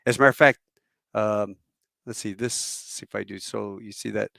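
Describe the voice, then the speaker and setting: Host, fifties, male, gravelly; rambling storyteller who voices his quotes, dry close sound. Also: fairly low pitch, steady tone, normal speed, sharp tone, dry recording. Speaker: podcast host and former Marine pilot. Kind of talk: casual chat, anecdotal storytelling.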